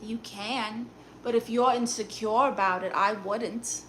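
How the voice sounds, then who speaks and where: With a Brooklyn accent, a woman plays a blunt, sassy aunt on a live stream, reading viewer comments and handing out dating advice with quick comebacks. Her voice sits on the high side, fairly even in intonation and a bit bright, with slight background noise.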